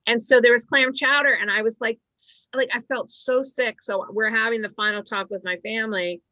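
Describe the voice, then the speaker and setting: A middle-aged woman from Massachusetts, a stand-up comedian telling rambling stories with quick asides in a casual chat. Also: a little high, steady tone, sharp tone, no room sound. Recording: dry, slightly dull sound.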